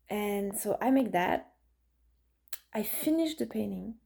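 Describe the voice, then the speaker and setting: A woman's voice: mid-range voice, expressive, a little slow, vocal fry, pauses often, a little mellow. A woman in her thirties, an artist, chatting casually and telling personal stories with many fillers and restarts. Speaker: artist and vlogger. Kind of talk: casual storytelling monologue.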